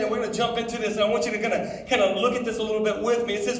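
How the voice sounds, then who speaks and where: High-voiced man preaching in an echoey hall. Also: very fast. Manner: animated, calls for audience responses. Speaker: youth speaker. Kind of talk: sermon. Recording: echoey hall from far off with faint noise.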